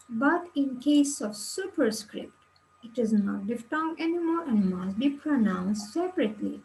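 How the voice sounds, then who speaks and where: A woman teaching Latin pronunciation, reading word lists slowly and explaining each letter's sound for medical students. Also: fairly high pitch, lively intonation, darkish tone, a little hiss or hum, low-quality recording. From Kyrgyzstan. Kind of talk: slow reading practice lesson.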